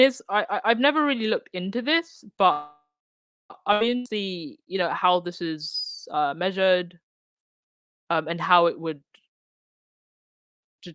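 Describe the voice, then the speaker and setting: Studio-quality audio with no room sound captures an Essex-accented woman hosting a commentary livestream in a casual tone. Her voice is lowish and a bit bright, and she reads out articles and viewer comments, frequently restarting and dropping in fillers.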